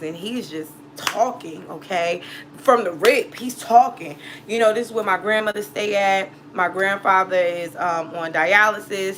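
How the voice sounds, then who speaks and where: A woman's voice: mid-range voice, sharp tone, a little hiss or hum, poor audio. A woman, hosting a casual storytime vlog. She speaks bluntly and profanely and acts out both sides of every conversation. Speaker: tarot reader and channel host.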